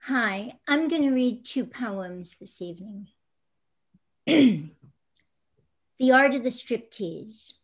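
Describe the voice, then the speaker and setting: A woman reading her own poem aloud in a measured, deliberate way. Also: on the high side, lively intonation, husky. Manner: slow, measured, deliberate delivery. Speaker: poet. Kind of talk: poetry reading.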